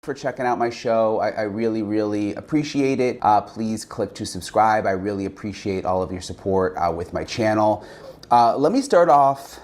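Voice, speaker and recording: A man hosting his own show as a journalist, introducing it in an earnest, slightly halting way. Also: lowish voice, darkish tone.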